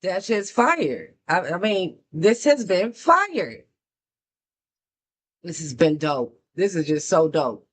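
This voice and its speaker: A woman hosting a music reaction, commenting in an excitable, exclamatory way and talking straight to her viewers. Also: on the low side, slow.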